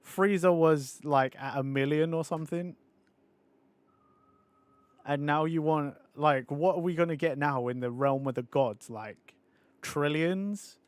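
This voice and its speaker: A young man streaming a game, chatting casually with viewers, animated and often laughing and swearing. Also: fairly high pitch, measured pace, smooth, no room sound. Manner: animated, laughing, swearing, mocking others in put-on voices. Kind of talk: casual live-stream chat.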